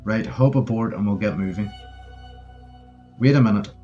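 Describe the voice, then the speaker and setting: Man doing a gruff, commanding army sergeant. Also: on the low side, normal speed, mellow, highs cut off, faint music behind, close to an everyday voice. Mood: brisk. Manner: gruff, barks orders, sometimes bellows. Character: tough wartime British army sergeant, blunt and commanding.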